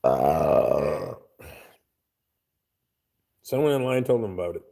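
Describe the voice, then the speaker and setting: A somewhat high-pitched man talks crudely on a live stream, swearing nearly every line. His voice is gravelly and swings widely up and down. He reads chat aloud and answers in a blunt, offhand way. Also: big pitch swings, normal speed, a little mellow.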